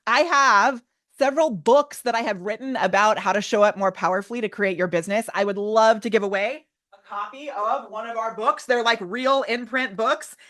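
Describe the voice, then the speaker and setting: A woman in her thirties presenting a live online workshop with energetic, theatrical, over-the-top enthusiasm. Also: on the high side, moderate pace. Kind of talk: live webinar teaching.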